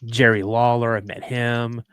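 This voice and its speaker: Man, podcast host, rambling anecdotes, stumbles and repeats words, mid pitch, dry sound. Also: little pitch movement, a little slow, a bit bright, clear, resonant tone, dry recording. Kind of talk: casual anecdotal storytelling. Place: live podcast show.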